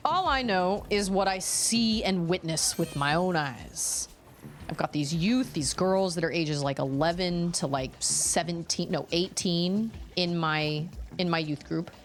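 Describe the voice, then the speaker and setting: Chatty low-voiced woman streamer. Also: unhurried. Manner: chatty and expressive, rambling storytelling. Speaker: gaming streamer. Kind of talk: casual livestream chat while gaming. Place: at home. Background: faint game music.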